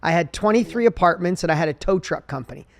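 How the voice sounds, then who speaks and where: High-pitched guy in his 40s hosting a podcast, earnest, talks fast about his own past. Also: lively intonation, gravelly. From upstate New York. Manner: earnest, fast personal storytelling. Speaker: podcast host. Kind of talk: conversational interview.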